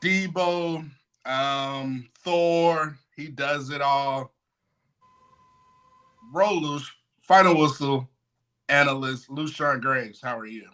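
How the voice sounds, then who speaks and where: A man's voice: fairly high pitch, a bit bright. A man hosting a sports podcast, joking and hyping up his co-hosts. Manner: hype, joking, drawn-out emphasis. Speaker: podcast host. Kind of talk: lively sports podcast chat.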